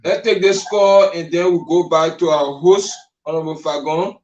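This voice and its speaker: Liberian radio host prompting callers. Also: male voice, on the high side, steady tone, moderate pace, darkish tone. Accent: Liberian English. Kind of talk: hosting call-in radio. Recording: distant echoey room, dull sound.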